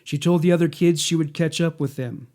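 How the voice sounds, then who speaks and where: A man reading a scripted documentary narration in a measured, matter-of-fact way. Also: on the high side, fairly even intonation, a little mellow.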